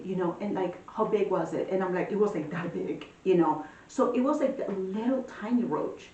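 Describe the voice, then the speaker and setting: A woman giving a casual tarot reading, talking in a chatty, animated way with many fillers. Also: normal speed, distant mic, muffled recording. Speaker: tarot reader. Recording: echoey room, voice a bit off-mic, faint rumble.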